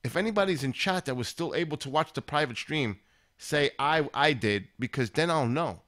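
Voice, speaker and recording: A man's voice: on the high side, a little fast, fairly bright tone. A man hosting his own live stream, chatting casually and rambling as he talks straight to viewers in chat.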